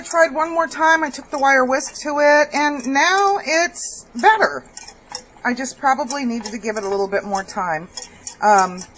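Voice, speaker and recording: A woman's voice: high-pitched, a bit bright, rough recording. A woman hosting a home cooking video, chatting casually and laughing at her own kitchen mistakes. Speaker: cooking vlog host.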